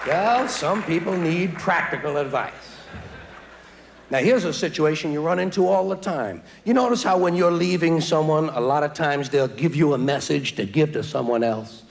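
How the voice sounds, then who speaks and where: A man in his forties performing stand-up comedy in a large theater, with a wry, sardonic delivery and quick mock voices. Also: fairly high pitch, creaky, some chatter behind. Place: large theater stage before a live audience. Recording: live theater recording with audience noise.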